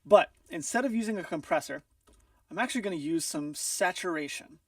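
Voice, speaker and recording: A man's voice: high-pitched, animated, brisk, dry recording. A man teaching music mixing in a studio, explaining casually while thinking aloud with frequent ums and restarts. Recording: dry, a bit far from the mic.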